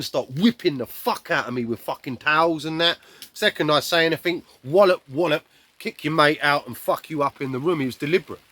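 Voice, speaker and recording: A man telling a raw personal story bluntly, swearing heavily and acting out shouts and quoted lines. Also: fairly high pitch.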